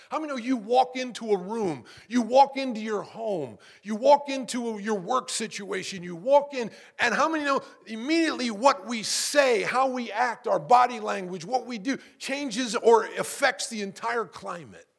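Middle-aged guy preaching in church, kinda high pitched, husky rough voice, builds up loud then drops low. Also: a little slow, hardly any pauses. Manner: call-and-response preaching, rising to emphatic peaks. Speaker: pastor. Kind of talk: sermon.

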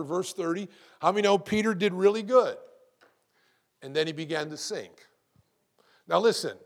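A middle-aged pastor's sermon is lively and conversational, full of rhetorical questions and repeated words as he addresses his congregation. His voice has a fairly high pitch.

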